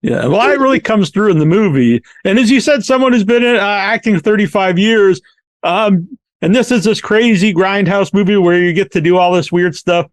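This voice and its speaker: Man, podcast host, high voice, dry close sound, friendly. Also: moderate pace, no room sound. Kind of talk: casual interview chat.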